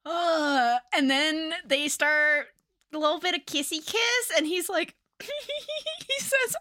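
A woman's voice: sits high, takes it slowly, dry recording, clean studio sound. A woman co-hosting a podcast, retelling a romance novel's scene in casual chat and acting out the lines with laughs. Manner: animated retelling with quoted dialogue and laughs. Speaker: podcast co-host. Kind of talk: casual book-club chat.

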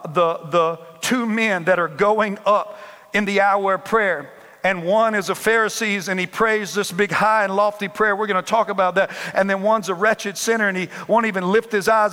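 A man's voice: high voice, bright, forceful tone. A man preaching a sermon from the pulpit of a church, emphatic and repetitive, with call-and-response lines. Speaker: pastor. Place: church sanctuary. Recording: long hall reverb.

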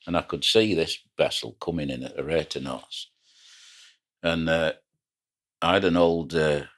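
Older man, very deep voice, rambling anecdotal storyteller, ex-skipper. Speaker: retired pilot boat skipper. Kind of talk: reminiscing oral history.

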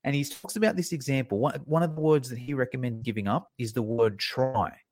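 A man, a fitness educator and podcast guest, telling stories in casual chat and acting out the people in them with lively swings. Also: medium pitch, fairly quick. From Australia. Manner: animated, acts out quoted people in his stories. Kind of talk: casual storytelling interview.

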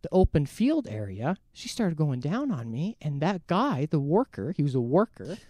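Speaking at a normal pace in a somewhat high voice, this man co-hosts a podcast and spins a vulgar anecdote full of profanity. He animatedly acts out what each person said, and the recording is dry.

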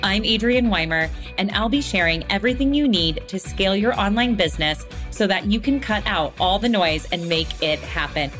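A woman's voice: medium pitch, animated, moderate pace, few pauses, fairly bright tone. A woman host delivering a polished, upbeat scripted intro to her podcast. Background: faint music.

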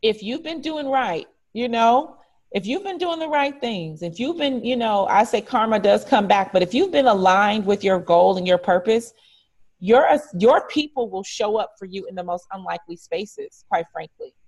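A woman from Detroit tells a story to her interviewer at an easy, conversational pitch. She brings it to life by acting out the dialogue in lively voices. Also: moderate pace. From Detroit, United States. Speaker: franchise regional director, interview guest.

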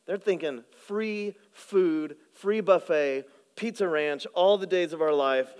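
A man preaching with a high, bright voice. His sermon delivery is animated, rising to loud emphasis and then dropping to hushed, low lines. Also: unhurried, clean tone. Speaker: pastor.

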